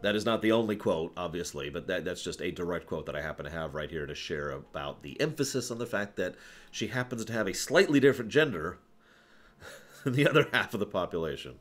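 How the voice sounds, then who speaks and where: A man's voice: low voice, lively intonation, fairly quick. A man hosting a casual livestream, talking through his opinions in a rambling way, with restarts and sighs. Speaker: streamer host.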